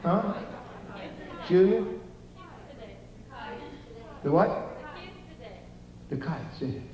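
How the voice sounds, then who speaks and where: An older man with a Cajun Louisiana accent, working as a stand-up storyteller, rambles through folksy jokes for a live theater crowd. His voice is high and expressive, and he speaks extremely slowly over crowd noise. The live stand-up comedy set comes through as a roomy, distant, dull audience recording.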